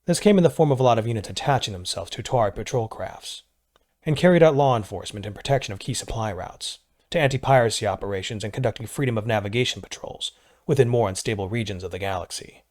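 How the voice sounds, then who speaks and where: A man narrating a military science fiction story in a measured, steady read. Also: lowish voice. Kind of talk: scripted sci-fi narration.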